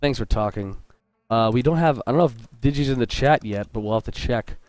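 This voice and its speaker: A man's voice: mid-range voice, brisk, a little mellow, no room sound. A man hosting a live drawing stream as a game artist, chatty and upbeat, greeting viewers and joking as he sketches. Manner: joking and self-interrupting. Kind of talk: casual livestream chat while drawing.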